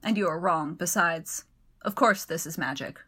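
A woman reading the part of a rough-voiced male servant, wry and commanding, who speaks in a dry, measured way. The voice is bright and clear, with a quiet bitter edge to a storybook reading. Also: a little high. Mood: dry, steady.

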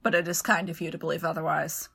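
A woman voicing a rough-voiced former servant man who speaks in a dry, measured way with quiet bitterness. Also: on the high side, flat delivery, full character voice. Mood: dry, steady.

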